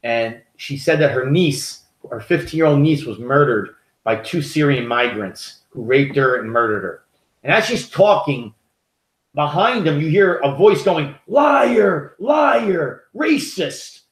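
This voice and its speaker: A man's voice: medium pitch, a little slow. An American man co-hosting a podcast, telling stories in a heated, profane, rambling way. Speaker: podcast co-host. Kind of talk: casual opinionated podcast chat. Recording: echoey room.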